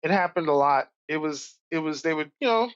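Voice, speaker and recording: A man from Brooklyn, a podcast guest telling animated stories from his youth. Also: on the high side, brisk, muffled recording. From Brooklyn, New York. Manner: animated, acts out voices in stories. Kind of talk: casual storytelling.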